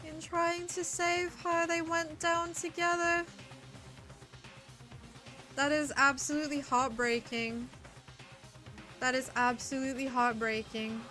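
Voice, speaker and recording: A woman's voice: sits high, a bit bright. A young woman streaming a game, reacting emotionally, swearing freely and repeating herself. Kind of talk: casual live game reaction.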